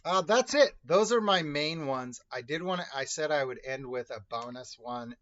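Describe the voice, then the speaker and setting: A man's voice: a little high, expressive, normal speed, fairly bright tone, dull audio. A man telling personal stories in a casual vlog, rambling and often correcting himself as he goes. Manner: rambling, self-correcting, conversational.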